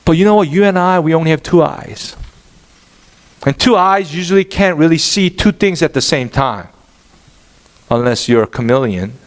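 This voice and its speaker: Animated pastor preaching, man. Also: fairly high pitch, normal speed, long pauses. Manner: animated, asks the congregation questions. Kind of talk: sermon.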